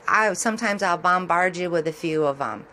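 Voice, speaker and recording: A woman's voice: lowish voice, unhurried, bright, forceful tone, a little hiss or hum. A middle-aged woman with a Michigan accent and Southern touches, chatting casually and rambling as a vlogger while commenting on sky photos, laughing often.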